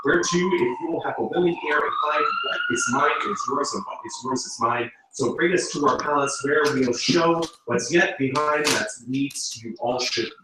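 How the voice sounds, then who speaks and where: A man reading the part of a stately duke in a live play reading, in measured, unhurried verse. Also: fairly high pitch, close to an everyday voice. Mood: courtly. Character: a male duke, a stately ruler. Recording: echoey room, distant mic, background noise.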